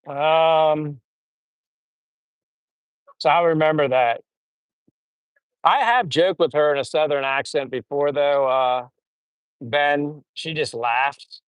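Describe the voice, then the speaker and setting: A middle-aged American man with a plain General American accent, hosting a casual livestream and reading viewer comments in a relaxed, rambling way with many fillers. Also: a little high, takes it slowly, long pauses, clear, resonant tone, no echo. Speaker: livestream host.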